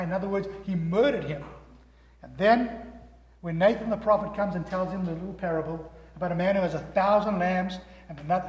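A man's voice: sits high, a little mellow. A man preaching a sermon to a congregation, emphatic and acting out the quoted dialogue in his own voice. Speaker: pastor. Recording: echoey hall.

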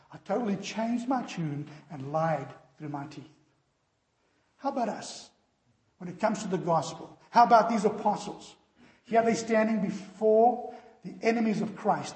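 A man preaching a sermon and telling a lively story, acting out the voices in it. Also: high voice. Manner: animated, acts out story voices. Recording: echoey hall.

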